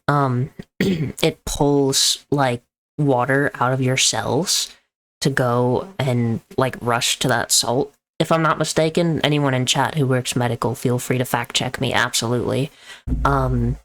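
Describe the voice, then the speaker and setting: Low-voiced young woman telling a story. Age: young adult. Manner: chatty, explains medical terms. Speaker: streamer and EMT. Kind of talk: casual storytelling.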